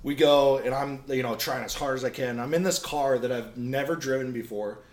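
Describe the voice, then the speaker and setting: A man, a guest on a podcast, telling a racing story in a casual, animated way with some swearing. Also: mid-range voice, moderate pace. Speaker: podcast guest, drift driver. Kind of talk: casual chat. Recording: roomy echo.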